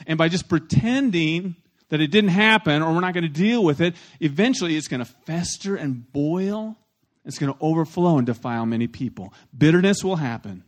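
A pastor preaching a sermon. He is animated and plain-spoken, with blunt humor, and he leads the congregation in repeating phrases. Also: fairly high pitch, moderate pace. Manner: animated, swings between loud emphasis and soft asides.

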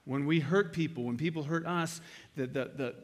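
A middle-aged male pastor delivering a sermon in a loose, conversational way, slipping into playful acted-out exchanges. His voice sits a little higher than most men's. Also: normal speed. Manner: conversational, acts out quoted exchanges with humor.

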